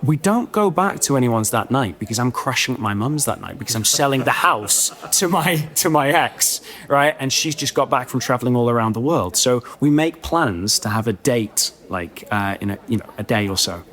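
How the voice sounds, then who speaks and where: A man's voice: mid-range voice, moderate pace, few pauses. Self-mocking man telling a story. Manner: animated, self-mocking, chatty with many "right?" asides. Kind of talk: comic storytelling on a podcast.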